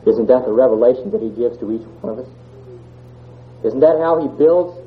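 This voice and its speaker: A man giving a sermon, reading scripture and asking the congregation earnest questions. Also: medium pitch. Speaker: church speaker. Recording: tinny phone-like sound.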